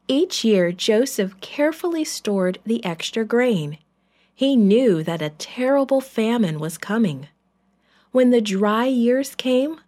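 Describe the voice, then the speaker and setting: A woman narrating a Bible story in a measured, clear scripted reading. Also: mid-range voice, a little mellow.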